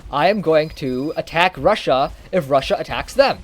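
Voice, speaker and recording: A man's voice: on the high side, lively intonation, moderate pace. A man playing a boastful bluffing nation. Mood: scheming. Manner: boastful, exclaiming. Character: blustering nation in a cartoonish standoff.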